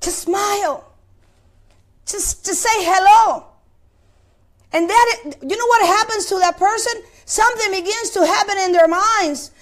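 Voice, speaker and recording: A woman's voice: very high-pitched, unhurried. A woman preaching a sermon, asking the congregation questions and repeating words as she searches for the next phrase. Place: place of worship.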